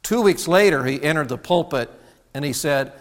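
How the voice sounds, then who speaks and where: A man's voice: on the high side, lively intonation, moderate pace. A middle-aged man preaching a sermon as pastor, earnest and personal, often restarting his sentences. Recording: long hall reverb.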